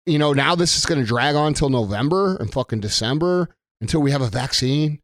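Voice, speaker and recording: A business owner delivers an angry, blunt political rant to camera, swearing heavily and repeating himself for emphasis. His voice runs on the high side, expressive and a little fast, in clean studio sound with no room echo.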